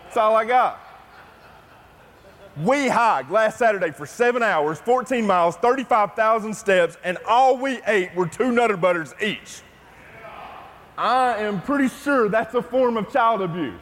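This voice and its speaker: A middle-aged pastor with a high, expressive voice preaches in a church sanctuary at normal speed, with slight background noise and long church reverb. He tells a personal story conversationally before turning to the gospel, later growing hushed and intimate in prayer.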